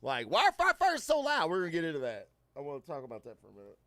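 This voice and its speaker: A man's voice: fairly high pitch, huge pitch swings, racing. A man hosting a casual podcast, telling stories loosely with many fillers and plenty of swearing. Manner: loud, swearing, storytelling with lots of fillers. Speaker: podcast host. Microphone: studio microphone.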